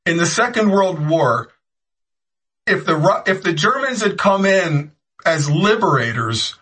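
A man's voice: high-pitched, expressive, measured pace, fairly bright tone, husky, rough recording. A man giving impassioned political commentary, rambling with frequent restarts and sarcastic jabs.

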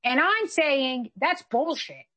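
High-pitched emphatic woman co-host. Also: very animated, slow pace, sharp tone. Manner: emphatic, argumentative. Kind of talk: political commentary chat.

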